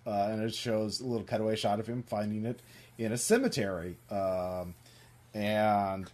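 A man narrating as game master, rambling with many fillers and pauses. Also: on the low side, a little mellow.

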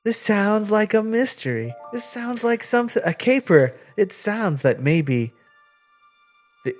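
A man's voice: high voice, very animated, a little slow, soft background music, voice pushed up, exaggerated voice. A man doing a mock-serious boy sleuth. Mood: musing. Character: young would-be detective, earnest and theatrical.

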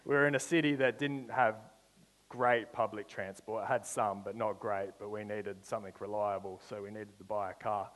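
A young man delivers a sermon testimony in a fairly low voice. He tells his story plainly, then stretches out his phrases for emphatic statements of faith. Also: steady tone, a bit bright, in a large hall, rough recording. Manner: storytelling with slow emphatic build-ups. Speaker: preacher.

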